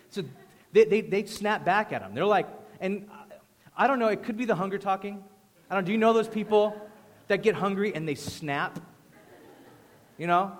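A pastor delivers a sermon in an animated, conversational manner, moving between punchy storytelling and sudden hushed moments of emphasis. His voice is slightly high, his pace moderate, and he pauses often. A big hall's long reverb surrounds the sound.

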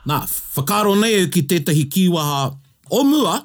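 A man from New Zealand with a New Zealand accent, co-hosting a casual bilingual chat in a playful, animated way. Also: high-pitched, a little fast, soft background music. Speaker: co-host.

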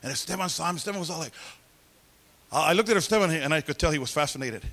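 Animated high-voiced man giving a testimony. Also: very fast. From California. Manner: animated storytelling, acts out quoted voices. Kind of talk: sermon testimony.

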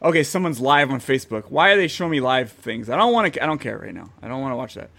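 A man in casual chat, excitable and playful, saying he feels amped up and throwing in jokey put-on voices. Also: mid-range voice, fast talker, creaky.

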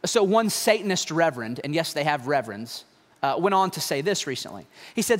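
Male pastor, animated conversational sermon, high lively voice, reverberant sanctuary. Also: a little fast. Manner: animated, conversational preaching with mocking asides. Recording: long hall reverb.

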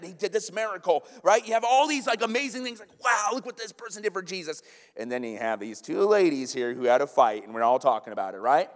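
An American pastor with a high, bright-pitched voice delivers a lively, conversational sermon, often turning to his listeners with quick asides. His voice rings out with a long reverb tail through a large sanctuary. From United States. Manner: lively, conversational preaching with frequent "right?" asides. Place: church sanctuary.

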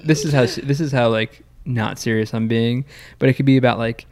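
A man's voice: mid-range voice, brisk, darkish tone. Chill guy on a podcast, rambles a lot, says like constantly. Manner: laid-back and rambling, heavy use of "like" and "you know". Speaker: podcast co-host. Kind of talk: casual chat.

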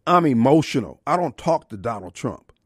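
Impassioned talk radio host. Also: male voice, medium pitch, sing-song, moderate pace, no echo, clean studio sound. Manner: impassioned, preachy, colloquial, shifts into live ad reads. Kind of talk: political talk radio monologue and live ad reads. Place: radio studio. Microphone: studio microphone.

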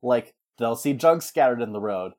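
A man chats casually while he pitches a story. His pitch sits in the middle range. He rambles and jokes, and he often breaks off into silly character voices. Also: expressive, darkish tone. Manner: rambling, jokey, quick to slip into voices. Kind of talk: casual chat.

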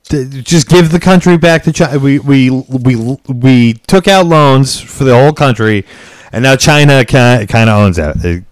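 A man's voice: mid-range voice, animated, moderate pace, dry recording. A man from the US co-hosting a podcast, telling stories in a profane, rambling way. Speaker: podcast co-host. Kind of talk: casual chat.

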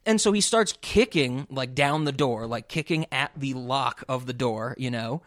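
A man casually recapping a movie plot on a podcast, animated, swearing freely. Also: mid-range voice, normal speed, no room sound, clean studio sound. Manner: animated storyteller, acts out quotes, swears freely. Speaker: podcast co-host.

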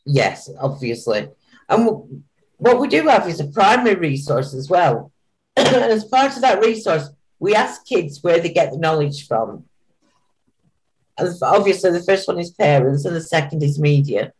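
An older woman who founded a charity chats as a guest on an interview podcast, plain-spoken, talkative and quick to laugh. Her lowish, darkish voice is very animated at a normal speed, though the audio quality is poor.

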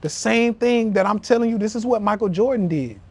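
A man's voice: high voice, fairly quick, darkish tone, breathy edge. A young man hosting a live-stream motivational rant, profane and preachy, calling his listeners family. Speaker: podcast host. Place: live social media stream.

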